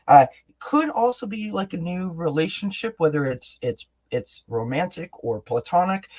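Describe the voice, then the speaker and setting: A man hosting a live tarot reading, encouraging and halting, with many fillers and restarts. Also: fairly high pitch. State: briefly emotional. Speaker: tarot reader, host.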